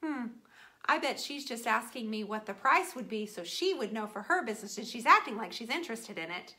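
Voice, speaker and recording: A middle-aged woman paints furniture while chatting casually with her viewers, playful and animated, teasing some of them by name. Her voice is a little high and she talks fairly quickly.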